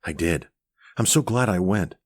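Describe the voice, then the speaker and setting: A man voicing a guarded young woman who speaks softly and hesitantly. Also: low-pitched, animated, normal speed, no echo. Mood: tender.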